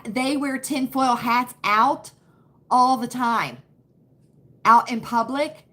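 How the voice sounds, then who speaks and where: High, bright-voiced woman chatting live. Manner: chatty, folksy, repeats phrases for emphasis. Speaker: livestream host. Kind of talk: casual live chat with viewers. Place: home. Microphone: computer webcam.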